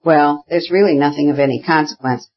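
A reader voicing Varenka, a gentle, soothing young woman with a husky voice. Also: mid-range voice, steady tone, fairly quick, muffled recording, close to an everyday voice. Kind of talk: audiobook character reading.

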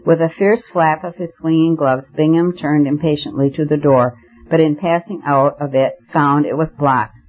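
A man narrating a story in a measured, even way as an audiobook reader. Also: fairly high pitch. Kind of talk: scripted narration. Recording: muffled lo-fi recording.

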